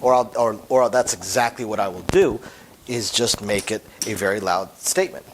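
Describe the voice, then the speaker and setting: A man's voice: fairly low pitch, animated, normal speed, slight background noise, poor audio. Emphatic man teaching dealing. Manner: emphatic, voice drops off at phrase ends. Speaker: craps dealer and instructor. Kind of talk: instructional talk on dealing.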